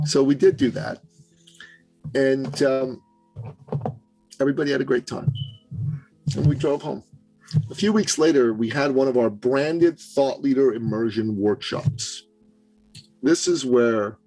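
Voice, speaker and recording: A middle-aged man from Canada, a business coach guest on a podcast, telling a story in an animated, emphatic way and acting out the quotes. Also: mid-range voice, poor audio. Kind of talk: storytelling in an interview.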